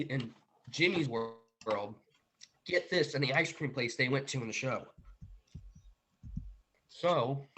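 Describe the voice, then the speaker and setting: A man in the middle of his pitch range, excitedly retelling a long dream to his audience. He talks casually, addresses his viewers directly and leans on "literally". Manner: animated retelling, often says "literally" and "guys". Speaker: podcast host.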